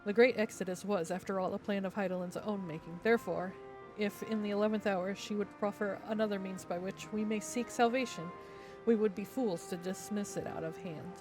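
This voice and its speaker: A woman's voice: medium pitch, steady tone, natural voice. A woman reading as a grave council elder. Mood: solemn. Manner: formal, measured, old-fashioned phrasing. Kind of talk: reading game dialogue aloud. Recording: faint music behind.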